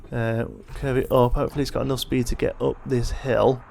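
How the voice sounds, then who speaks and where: A man's voice: mid-range voice, a little fast, gravelly, a little hiss or hum. A tired man hosting a let's play, casually thinking aloud as he plays, with yawns in his voice. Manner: thinking aloud, relaxed and chatty. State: tired, yawning. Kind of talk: casual gameplay commentary.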